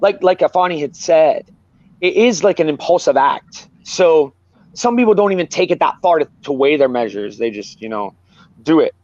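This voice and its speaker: A man's voice: fairly high pitch, expressive, moderate pace, darkish tone, dry recording, lo-fi sound. A man talking candidly and earnestly as a guest, rambling and repeating himself. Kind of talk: candid personal talk.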